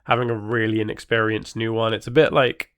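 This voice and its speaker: Low gravelly man thinking aloud. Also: level tone, fairly quick, fairly bright tone, dry recording, clean studio sound. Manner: thinking aloud, many ums and restarts. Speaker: podcast host. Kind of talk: casual solo podcast talk.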